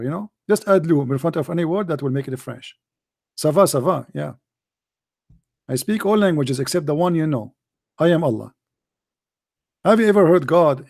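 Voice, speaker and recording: A middle-aged man with an Arabic accent hosts a call-in show, giving a polemical religious talk that is mocking and emphatic, with broken grammar. His voice is a little high and a little mellow, at a moderate pace.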